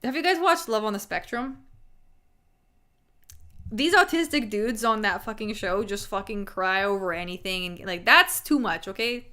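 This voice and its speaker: A woman's voice: medium pitch, moderate pace, pushed and bright, clean tone. A young adult woman hosting a live stream, chatting casually and candidly into a desk microphone, rambling with lots of "like", swearing and laughing often. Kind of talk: casual chat.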